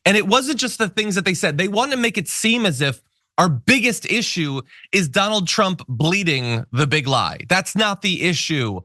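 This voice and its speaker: A man hosting a political talk show, sarcastic and animated, building hypothetical examples. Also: high-pitched, moderate pace, dry recording, clean studio sound. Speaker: host. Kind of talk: political commentary chat.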